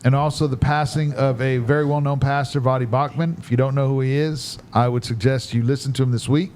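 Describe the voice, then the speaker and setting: A man's voice: medium pitch, steady tone, a little fast, darkish tone, slight background noise. A man co-hosting a casual podcast, joking as he runs through a list of topics. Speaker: podcast co-host.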